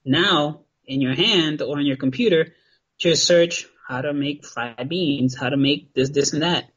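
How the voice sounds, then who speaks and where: A man, a podcast guest, telling a story in casual conversation, animated and laughing easily. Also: fairly high pitch, breathy edge. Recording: muffled lo-fi audio.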